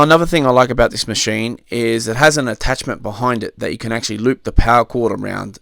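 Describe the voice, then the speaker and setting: A man's voice: medium pitch, vocal fry, fairly bright tone, no echo. A married man giving a comedic product review, slipping dry jokes and cheeky innuendo in between the facts. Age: adult, married.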